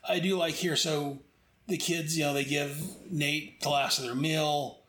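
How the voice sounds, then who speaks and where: A man's voice: on the high side, steady tone, unhurried, a bit bright. A man casually reviewing a comic book, rambling with frequent restarts and asides. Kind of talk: casual commentary. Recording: echoey room.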